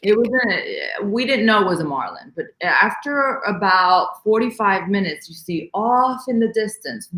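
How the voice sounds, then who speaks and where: A woman speaking as an interview guest, telling a personal story in an animated, emotional way and acting out exclamations. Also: mid-range voice. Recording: roomy echo.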